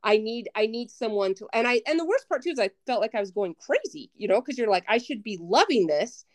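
Animated woman telling stories, dry sound. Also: on the high side, fast, no room sound. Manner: animated, self-mocking, acts out her own past lines. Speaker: podcast guest. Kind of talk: casual storytelling chat.

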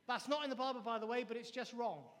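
A man's voice: extremely high pitch, quick pace, fairly bright tone, big-room sound. A man preaching a sermon as pastor, emphatic, with repeated phrases and acted-out quotes. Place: church.

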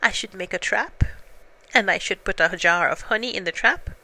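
A woman's voice: mid-range voice, moderate pace, bright, forceful tone, low-quality recording. A woman voicing a small, timid male piglet who explains things carefully. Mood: explaining.

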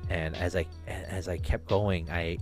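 A man's voice: sits low, level tone, measured pace, soft background music. A man hosting a podcast, telling a long rambling story in casual talk, with restarts and swearing. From Alaska. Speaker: podcast host.

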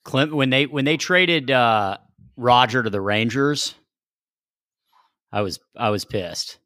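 A man's voice: mid-range voice, pushed and bright, dry recording, studio quality. A man co-hosting a casual chat, who asks questions and drops in short replies. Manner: quick, interjecting with short responses.

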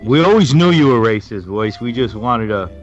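A man's voice: mid-range voice, expressive, normal speed, faint music behind. A man co-hosting a podcast in casual chat, teasing and needling his partner. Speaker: podcast co-host. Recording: dull lo-fi audio.

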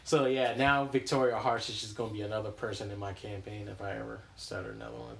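A man's voice: fairly low pitch, fairly even intonation, fast talker, gravelly, slight background noise. A man hosting a podcast, chatting casually with a co-host, rambling through stories with lots of fillers and frequent laughs. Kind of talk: casual chat.

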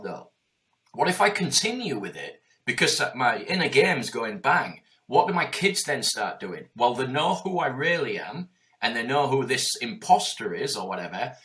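Lively sweary Yorkshire man. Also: medium pitch. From Yorkshire, England. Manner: animated, swearing, acts out quoted voices. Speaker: business coach. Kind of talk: casual podcast chat.

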